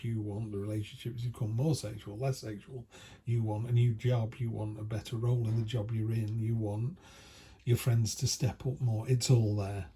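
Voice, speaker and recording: A man's voice: medium pitch, mellow, slight background noise. A man giving a casual, chatty tarot reading from home, enthusiastic and full of fillers. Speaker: tarot reader. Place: home by a field. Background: faint outdoor ambience, dogs passing.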